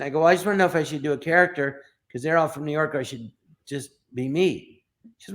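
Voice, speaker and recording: A man's voice: fairly high pitch, fast. A middle-aged man from Los Angeles, a comedian guest telling a story in an interview and acting out the quoted lines. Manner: animated storyteller, acts out quoted dialogue.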